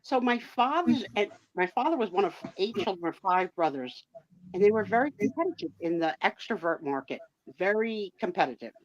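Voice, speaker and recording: A woman's voice: mid-range voice, sing-song, moderate pace, a little hiss or hum. A woman hosting a live sale and chat, telling stories in a chatty way and laughing often. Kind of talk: casual chat. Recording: dull, dry lo-fi sound.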